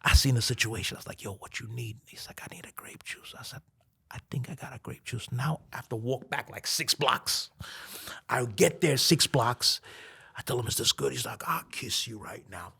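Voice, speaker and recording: A podcast guest tells a story with animation, laughing along and dropping to a hushed whisper for quoted lines. His mid-range voice moves at a normal speed and sounds creaky and husky.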